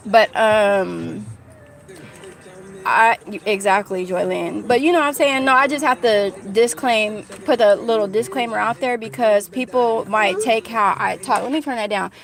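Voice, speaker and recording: A woman's voice: medium pitch, measured pace, vocal fry. A woman from California chatting casually with her livestream viewers, candid and rambling, full of fillers and restarts. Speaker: YouTuber talking to live chat.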